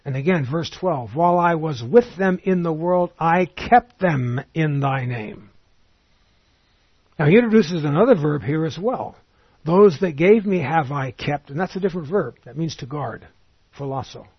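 A man giving an expository Bible teaching in a measured, explanatory way, reading scripture aloud as he goes. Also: a little high, animated, breathy edge, no echo, lo-fi sound.

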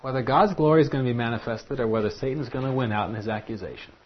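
A man preaching a sermon in an animated, emphatic way. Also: medium pitch, quick pace, slightly rough. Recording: dull lo-fi recording.

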